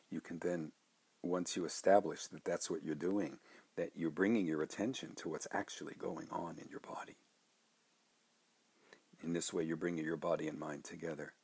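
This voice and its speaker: Man, meditation teacher, deep gravelly voice, slow and soft, hushed whispers. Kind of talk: guided meditation instruction.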